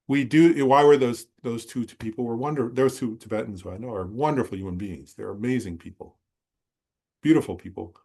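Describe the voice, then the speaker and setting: A male Buddhist teacher speaking at an ordinary middle pitch, talking to his students in an informal, unscripted way. He wanders through a personal story with restarts and asides. He keeps asking whether they follow. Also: a little mellow. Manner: conversational, rambling, checks understanding with listeners. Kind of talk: dharma talk with personal storytelling.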